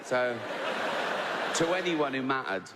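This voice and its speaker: A man's voice: mid-range voice, sing-song, slow. A middle-aged man telling a stand-up story in a chatty way, with many "right?" tags and laughs at his own jokes. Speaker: stand-up comedian. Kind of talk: stand-up comedy set. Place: large venue before a live audience. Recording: live hall recording with reverb and background noise.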